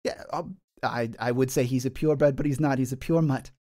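A man voicing a cloaked forest warden who haggles smoothly and lectures pedantically about his dog. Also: mid-range voice, brisk, warm tone, natural voice. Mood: smug haggling. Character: cloaked male forest warden with a mastiff, smug.

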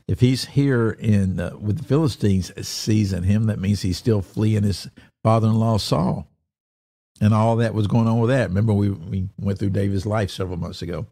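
Mellow-voiced man teaching scripture. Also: fairly low pitch. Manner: earnest, repeats key phrases for emphasis; reads scripture slowly and deliberately. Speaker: Bible teacher. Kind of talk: devotional Bible teaching.

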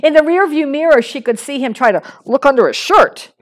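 A middle-aged woman pastor preaching in a relaxed, conversational manner. Her voice sits fairly high and moves freely up and down. She pauses on fillers and restarts her sentences as she talks. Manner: acts out a small boy's lines in a higher voice when telling a story. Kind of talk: sermon.

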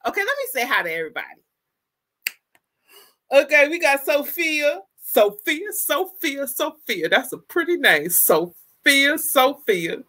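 A woman in her fifties hosting a casual live stream, greeting viewers with exuberant shouts and drawn-out, playful calls. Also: high-pitched, very animated. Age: 50s. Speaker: livestream host.

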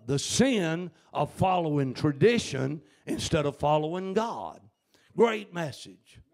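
A man preaches a revival sermon from the pulpit, high-pitched and gravelly. He drives each point home with fiery emphasis and breaks into shouts. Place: church service.

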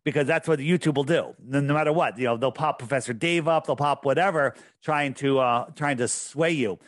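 A man's voice: mid-range voice, fairly quick, no echo, clean studio sound. A man speaking as a podcast guest in casual chat, insistent and emphatic, often repeating himself.

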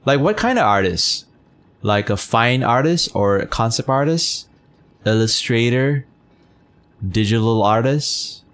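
A man's voice: medium pitch, lively intonation, unhurried, a bit bright. A man streaming a game, chatting casually with his chat, teasing, full of fillers and swearing. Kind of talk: casual gameplay commentary, reading chat.

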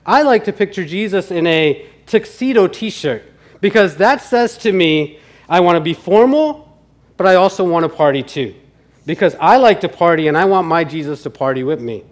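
A man's voice: sits high, expressive, normal speed. A pastor voicing a laid-back, party-loving male teammate who drawls in a dopey, enthusiastic way.

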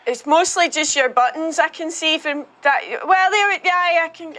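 A patient call handler coaxes a confused caller along. Her voice sits high, with faint background ambience. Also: moderate pace, pushed and bright, a little hiss or hum. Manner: patient, coaxing.

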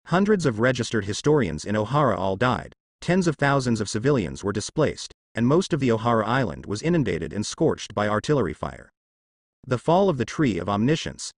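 A man narrating fan fiction as an audiobook in a steady storytelling manner. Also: fairly low pitch, no echo, studio quality.

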